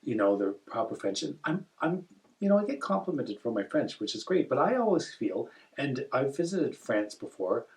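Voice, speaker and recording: A man from northern Ontario chatting casually, telling lively, rambling stories full of self-corrections. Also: mid-range voice, normal speed, far from the mic. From northern Ontario, Canada. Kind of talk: casual chat.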